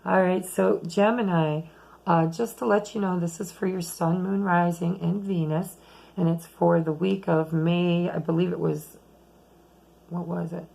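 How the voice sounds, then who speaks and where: A woman giving a chatty, rambling tarot reading at home late at night, losing her voice and talking softly at times. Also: on the low side, fairly even intonation, measured pace, creaky, poor audio. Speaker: tarot reader.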